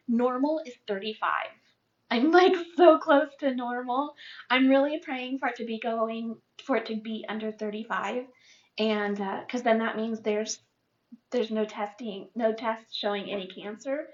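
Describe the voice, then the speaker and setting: A woman's voice: on the high side, highs cut off. A woman in her fifties, talking candidly in a chatty personal vlog update. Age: 50s. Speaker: vlogger.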